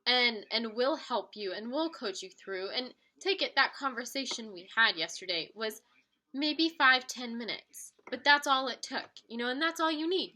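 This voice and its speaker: A young woman chats straight to the camera in a casual vlog. Her voice is bright and clear. She talks in a loose, friendly way and often doubles back to restart a phrase. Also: a little high. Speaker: vlogger.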